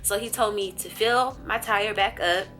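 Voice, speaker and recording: Bright-voiced woman vlogger telling a story. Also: normal speed, faint music behind. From USA. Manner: animated, jumps high in pitch when acting out her own thoughts. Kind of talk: casual vlog storytelling.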